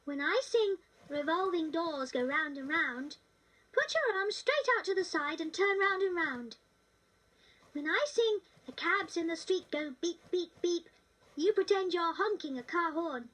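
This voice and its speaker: Brief: cheerful British little-girl doll, sing-song storybook narrator, squeaky-high. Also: lively intonation, measured pace, a bit bright, distant mic, heavily acted, rough recording. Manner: sing-song, sweet and coaxing.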